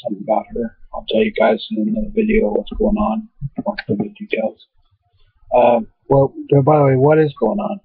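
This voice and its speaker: A man's voice: sits high, very animated, brisk, gravelly, breathy edge, dry recording. A man rambling through a casual webcam monologue at home, full of fillers and asides. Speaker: vlogger. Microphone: webcam mic. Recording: tinny, phone-like dry webcam audio.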